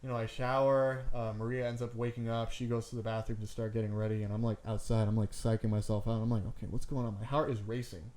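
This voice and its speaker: A man's voice: medium pitch, level tone, quick pace, hardly any pauses, a little mellow. A man co-hosting a podcast, telling a long story in casual chat, rambling with lots of "like" and casual swearing. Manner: rambling, full of "like" and "I'm like"; swears casually, says "bro". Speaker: podcast co-host.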